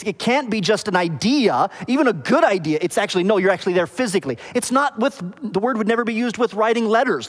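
A man preaching a sermon with a slightly raised voice, explaining words step by step. He keeps checking with the congregation to see if they follow. His voice rings out with a long reverb, as in a church hall. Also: high voice. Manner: explains word meanings, asks the congregation "okay?" and "does that make sense?". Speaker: pastor.

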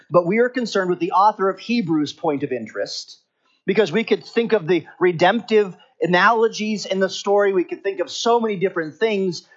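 A man preaching a sermon with slow, stressed phrases. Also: high-pitched. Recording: slightly dull lo-fi recording.

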